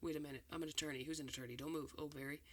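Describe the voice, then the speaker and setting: A man reading an entire film script aloud for ASMR, doing every part in one steady voice. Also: fairly high pitch, rapid-fire. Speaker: ASMR reader.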